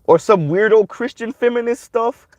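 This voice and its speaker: A man's voice: high voice, normal speed, darkish tone, no echo, highs cut off. A man giving casual livestream commentary, rambling along with frequent "um" fillers.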